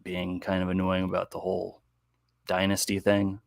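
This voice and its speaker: A man in casual sports talk with a lowish, gravelly voice. He hesitates and restarts his sentences often. The sound is dry and close. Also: monotone, moderate pace, no room sound. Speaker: co-host.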